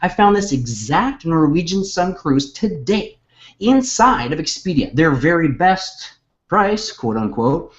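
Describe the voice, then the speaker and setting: A man presenting a hyped sales webinar in a jokey, excitable way, over dull lo-fi audio. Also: unhurried. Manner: excitable, jokey, big swings in pitch.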